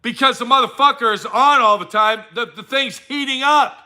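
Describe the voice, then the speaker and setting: Middle-aged man, blunt and profane, preachy motivational vlogger; high, sharp tone. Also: moderate pace. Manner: blunt, heavy swearing, preachy. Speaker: vlogger giving a motivational talk. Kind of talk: profane casual motivational rant.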